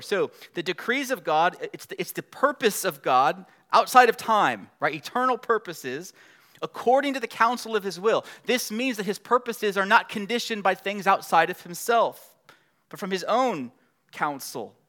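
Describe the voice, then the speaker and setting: A man's voice: high-pitched, expressive, moderate pace, pushed and bright. A middle-aged male pastor preaching a sermon in a conversational way, building to emphatic passages.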